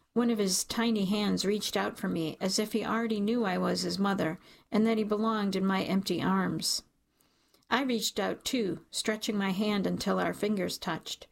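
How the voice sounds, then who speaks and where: Gravelly woman narrating an emotional story. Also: mid-range voice. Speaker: audiobook narrator. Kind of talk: first-person scripted narration.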